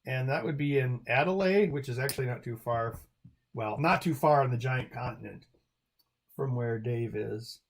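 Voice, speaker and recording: A man's voice: mid-range voice, moderate pace. A man hosting a charity livestream, answering viewer chat in a loose, rambling way with lots of fillers and restarts.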